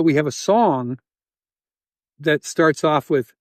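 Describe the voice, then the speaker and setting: A Canadian man telling a story in an interview, acting out scenes with sound effects and halting restarts. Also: on the high side, no echo, studio quality. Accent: Canadian English. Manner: animated, acts out scenes with sound effects and quoted voices. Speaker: interview guest, volunteer.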